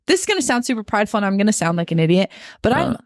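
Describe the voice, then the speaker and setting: A young woman from Michigan co-hosting a podcast in casual chat, chatty and giggly, talking in quick bursts. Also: medium pitch, very animated, no room sound, clean studio sound. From Michigan, United States. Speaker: podcast co-host.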